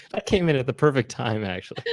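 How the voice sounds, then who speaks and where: Man, co-host, casual comedic banter, playful riffing, mid pitch, dry sound. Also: no room sound.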